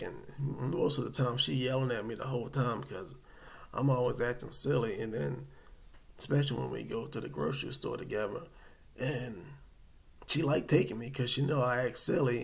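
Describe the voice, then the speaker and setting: A man telling a personal story to camera in a casual, animated, rambling way. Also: medium pitch, normal speed, creaky. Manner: animated, colloquial, rambling with restarts.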